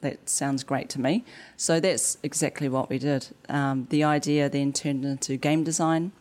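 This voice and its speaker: NZ-accented woman, low pitch, game developer guest, lively storyteller acting out quotes. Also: moderate pace. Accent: New Zealand. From New Zealand. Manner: animated storyteller acting out quotes, laughs easily. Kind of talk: conversational interview.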